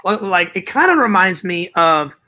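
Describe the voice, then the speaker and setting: A man hosting a live stream talks with a high, bright voice. He chats casually, answering his viewers' messages. His talk is animated and full of swearing, and he often says the same line twice. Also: normal speed. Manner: animated, profane, repeats himself. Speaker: live stream host reading chat.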